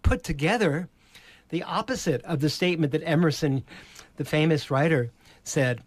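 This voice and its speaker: A male presentation skills coach on a podcast, explaining voice technique slowly and deliberately, and demonstrating exaggerated inflections. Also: fairly high pitch, no room sound. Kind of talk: teaching voice technique in a podcast interview.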